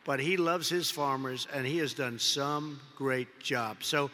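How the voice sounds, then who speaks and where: At a political rally, a man with a mid-range voice speaks at a measured pace in a steady tone, yet he rambles, repeats himself, and stacks up superlatives. The long reverb of a large hall fills the recording, along with some background noise.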